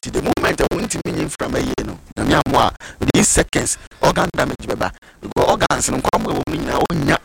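Gravelly fast-talking man, noisy recording. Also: on the high side, expressive. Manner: explains symptoms step by step, mixing in English medical terms. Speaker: medical expert on a health show. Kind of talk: explanatory health talk. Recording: loud background noise.

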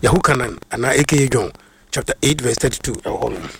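A man's voice: mid-range voice, lively intonation, quick pace, creaky, a bit bright, breathy edge. A man preaching a sermon that mixes in English phrases, stressing his points by repeating them, and greeting listeners by name.

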